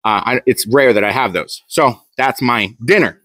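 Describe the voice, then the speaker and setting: A man's voice: mid-range voice, moderate pace, pushed and bright, no room sound. A young man talking casually to camera, blunt and joking, rambling with frequent restarts. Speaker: powerlifter vlogger.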